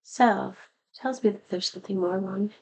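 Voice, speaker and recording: This personal vlog features a middle-aged woman rambling candidly and sadly to the camera, her voice still weakened and a bit worn from being sick. She speaks at a moderate pace in a medium pitch that is creaky and a little mellow. The audio quality is low.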